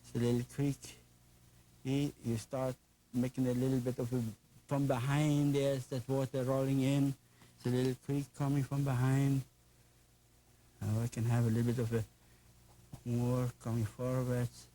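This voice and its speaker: A man's voice: mid-range voice, flat delivery, moderate pace, pauses often, mellow, a little hiss or hum, low-quality recording. An older man with a German accent, teaching a painting lesson in an enthusiastic, folksy, chatty way with playful asides. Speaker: painting instructor.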